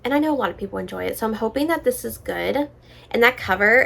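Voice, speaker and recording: A chatty woman with a fairly high voice talks through her reading list on her vlog. She rambles casually, leans on "like" and "you know", and now and then drops to a soft near-whisper for an aside. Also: animated, fast, vocal fry. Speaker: book vlogger. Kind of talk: casual book chat.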